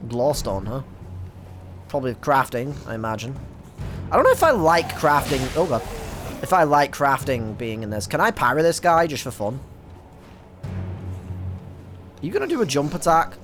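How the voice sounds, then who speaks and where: Excitable British man swearing through a game. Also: medium pitch, moderate pace, soft background music. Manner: excitable, swears often, stumbles over words. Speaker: gaming streamer. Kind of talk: casual let's-play commentary.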